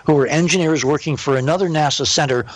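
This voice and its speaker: A man's voice: on the high side, fast talker, no echo. An older man, a guest in an interview, telling a long story in an emphatic, impassioned way.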